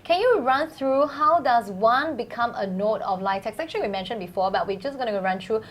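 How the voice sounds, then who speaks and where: A chatty woman hosts a live question-and-answer show, reading out viewer questions in a playful tone. Her voice sits fairly high for a woman, and a faint hum of room noise runs behind her. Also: lively intonation, brisk. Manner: chatty, playful, laughs often. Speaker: host.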